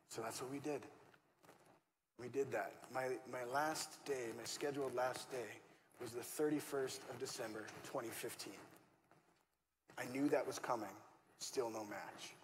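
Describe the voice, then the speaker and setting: A man's voice: mid-range voice, measured pace. A male pastor preaching a conversational, story-driven sermon and acting out the dialogue he quotes. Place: church auditorium. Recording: church hall reverb, faint room noise.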